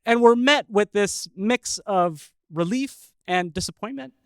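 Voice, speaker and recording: A man who is a scientist telling a personal story live, chuckling often and pausing with filler uhs. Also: high-pitched, fairly bright tone, smooth.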